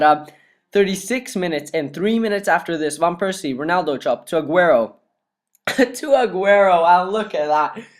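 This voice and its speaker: A young man doing voice-over commentary on a football video game, excitable and laughing often, his voice dry and cracking. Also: on the high side. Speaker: gaming YouTuber. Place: cold room at home.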